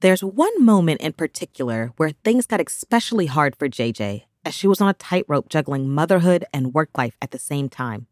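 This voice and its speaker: Low-voiced female podcast host, dry studio sound. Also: sing-song, normal speed, hardly any pauses, no room sound. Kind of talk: scripted narration and interviewing.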